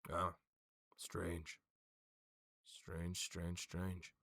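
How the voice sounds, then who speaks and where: A man's voice: low voice, monotone, extremely slow, gravelly, sharp tone, dry recording, studio quality, voice pushed down, exaggerated voice. Man doing a scheming, blunt nobleman. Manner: musing, probing questions.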